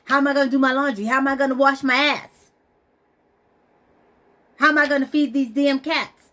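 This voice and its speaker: A woman's voice: high-pitched, fairly bright tone. A woman venting bluntly on a vlog, stressed and weepy, swearing as she talks. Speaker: vlogger. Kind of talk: emotional personal vent.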